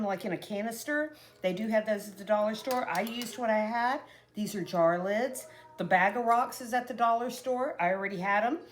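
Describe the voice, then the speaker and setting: A middle-aged woman from Texas with a Texan accent, chatting casually to viewers as a craft and cooking vlogger with animated storytelling. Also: medium pitch.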